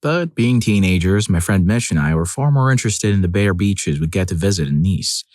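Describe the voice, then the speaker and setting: A man with a low voice reads out listener stories in a scripted narration style, putting on the characters' quoted lines as he goes. The recording is close and dry, with no room sound around him. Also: expressive, brisk, darkish tone, no echo.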